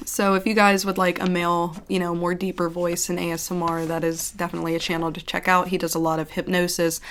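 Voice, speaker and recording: A woman vlogger in casual confessional chat to the camera, rambling with lots of "like" and casual swearing, by turns animated and subdued. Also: lowish voice, fast, slight background noise. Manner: expressive, jumps between laughing and subdued.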